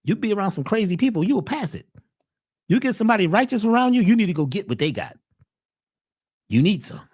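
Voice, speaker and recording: A woman delivers a preachy monologue in a lively voice, her pitch swinging widely as she fires off question after question. She sits at a middle pitch, and the recording is dry and close to the mic. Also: fast, pauses often, slightly rough, no room sound. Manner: slangy, emphatic. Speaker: host, wellness speaker.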